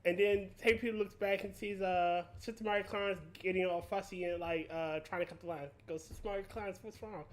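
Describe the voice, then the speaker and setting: Guy with a pretty high voice telling a dirty joke on stream, loose and laughy. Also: level tone, brisk, hardly any pauses. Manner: loose, laughing, crude joker. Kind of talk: casual banter while gaming.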